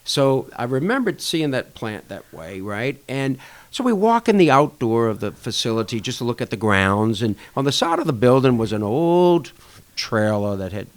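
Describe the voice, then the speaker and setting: A man guest on a podcast, casually telling a long anecdote and acting out conversations with a rising and falling voice. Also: normal speed. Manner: animated anecdote-telling, acting out dialogue with shifting pitch. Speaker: podcast guest, restaurant association chair. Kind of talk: casual storytelling interview.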